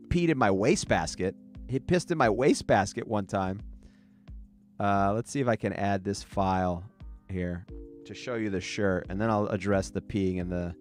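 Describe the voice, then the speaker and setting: A man in his forties from the New York area, hosting a podcast and telling stories from his childhood in a rambling way, with many restarts and frequent laughter. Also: mid-range voice. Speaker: podcast host. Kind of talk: casual storytelling.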